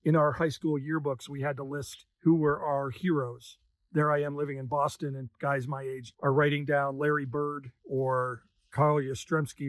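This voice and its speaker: Male, earnest personal reflection, mid pitch, soft at times, dry mic. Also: no room sound. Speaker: news sales manager.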